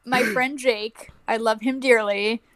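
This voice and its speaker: A woman's voice: on the high side, steady tone, a little slow, a crowd in the background. A Canadian woman with a Canadian accent, telling blunt, swear-laden travel anecdotes in a casual chat.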